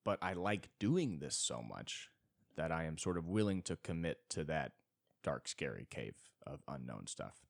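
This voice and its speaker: Low-voiced rambling man, very animated. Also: unhurried, vocal fry, no echo, clean studio sound. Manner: rambling, self-deprecating, swings into sudden high-pitched bits. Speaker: podcast host. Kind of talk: solo comedic monologue.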